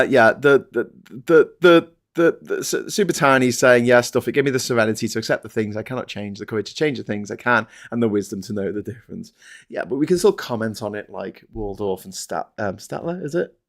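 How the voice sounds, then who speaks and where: Rambling British man in live chat. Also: mid-range voice. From United Kingdom. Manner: rambling, restarts, quick laughs. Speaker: co-host.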